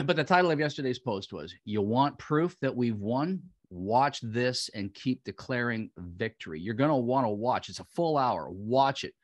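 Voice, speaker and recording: A man hosting a livestreamed prayer show, proclaiming decrees loudly and fervently and then chatting casually, heard through his own microphone on a video call. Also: mid-range voice, animated, measured pace, hardly any pauses. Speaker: host and prayer leader.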